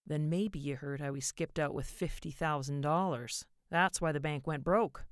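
A woman's voice: sits low, moderate pace, no echo, close to an everyday voice. A chatty small-town businessman talks in a drawling, colloquial storybook voice, put on by a woman reading aloud. The sound is dry and close.

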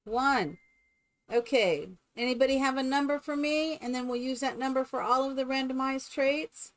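A woman's voice: high-pitched, moderate pace. A woman streaming a game live, chatting casually and coaxing her characters like a doting mother.

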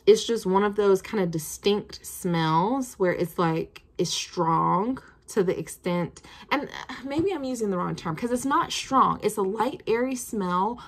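A woman's voice: medium pitch, slightly rough. A woman in her twenties chatting casually as she reviews perfumes, thinking aloud with plenty of fillers. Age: 20s.

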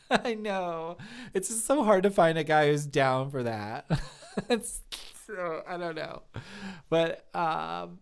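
A man's voice: a little high, clean tone. A man voicing a bubbly young woman who works as a lead server, rambling and giggly with many fillers. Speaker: live-stream comedy host in character. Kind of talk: improvised character comedy.

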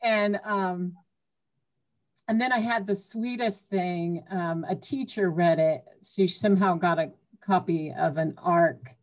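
A woman's voice: fairly low pitch, takes it slowly. A woman author being interviewed on a podcast, chatty and emotional, retelling stories. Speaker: author guest.

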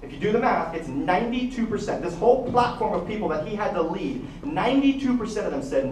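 A man's voice: high voice, quick pace, hardly any pauses, distant mic, a little hiss or hum. Male pastor preaching in an echoey hall. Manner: storytelling, acts out Bible quotes in lively voices. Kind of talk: sermon. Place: church hall.

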